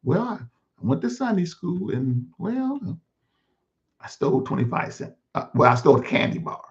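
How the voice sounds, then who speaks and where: A man acting out a rough-living street man, plain-spoken, halting, one-man sermon skit, dull lo-fi recording. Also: a little high, sing-song. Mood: recounting. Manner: plain storytelling, halting restarts.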